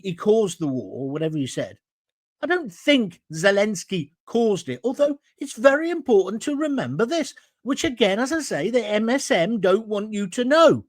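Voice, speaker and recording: A blunt, combative middle-aged man hosting a talk show, his pitch swinging widely as he mocks and argues. The sound is dry and close, with no room echo. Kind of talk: opinionated commentary reading viewer comments.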